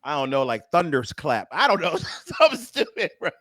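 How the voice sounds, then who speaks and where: A man's voice: a little high, dry recording, clean studio sound. A man hosting a comedy radio show, joking and laughing in casual banter with his guests. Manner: animated, joking, quick to laugh. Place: radio studio.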